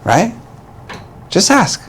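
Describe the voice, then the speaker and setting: A man's voice: very slow, fairly bright tone. A man giving relationship advice straight to the viewer in an earnest, repetitive coaching manner, often restarting phrases and speaking to the listener as "man". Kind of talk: direct-to-camera advice talk.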